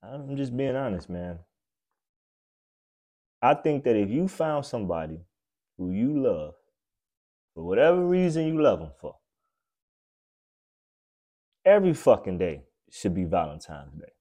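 A man hosting a podcast, delivering a blunt, profane, preachy comedic rant that swings between loud outbursts and low mutters. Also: very animated, measured pace, pauses often. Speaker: podcast host.

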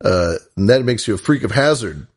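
A man's voice: on the low side, lively intonation, fairly quick. A man co-hosting a casual podcast, joking around and reading out thanks to listeners. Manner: joking, reads listener shout-outs. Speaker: podcast co-host.

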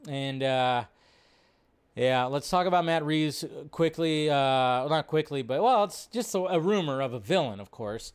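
A man's voice: a little high, big pitch swings, measured pace, pauses often, clear, resonant tone. A man hosting a casual live stream. He talks in a rambling way with lots of fillers and restarts. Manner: rambling, filler-heavy, chatty.

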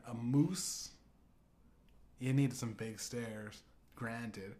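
A man hosting his own podcast, rambling through a comedic monologue with frequent swearing, restarts and fillers. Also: medium pitch. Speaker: podcast host.

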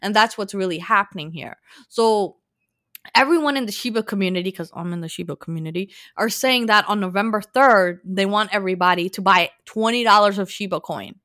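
A woman hosting a casual podcast, animated and talking straight to her listeners about the news. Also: mid-range voice, brisk, no echo, clean studio sound. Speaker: podcast host presenting news. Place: lives in New York.

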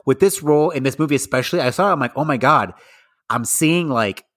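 A man's voice: on the high side, expressive, quick pace, a bit bright. A man in a casual podcast chat, emphatic and stammering when he gets eager.

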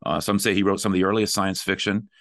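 Middle-aged guy on a podcast, real low voice, dry close mic, lots of ums. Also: fast, vocal fry, no echo. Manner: relaxed, with frequent fillers and restarts. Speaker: podcast host. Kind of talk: conversational podcast talk.

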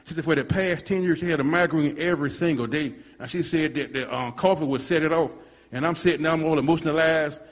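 A man's voice: on the high side, fast, big-room sound. A man telling a rambling church testimony, restarting and repeating himself as he goes. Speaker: congregant giving a testimony.

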